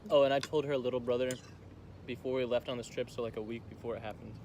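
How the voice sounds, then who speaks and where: Brief: young man, mid-pitched voice, quiet reflective vlog chat, noisy background. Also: steady tone, fast talker. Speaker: vlog co-host. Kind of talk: casual chat. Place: vacation house near a beach.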